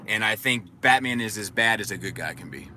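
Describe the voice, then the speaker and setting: A man's voice: lowish voice, lively intonation, a little fast, sharp tone, slight background noise. A man talking casually in a car, rambling and swearing, with a self-deprecating edge. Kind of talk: casual chat.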